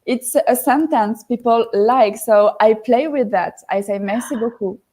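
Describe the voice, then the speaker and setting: French-accented woman, mellow and hesitant. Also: fairly high pitch, measured pace. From France. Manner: hesitant, searching for words, many restarts. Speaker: guest. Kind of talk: casual interview chat.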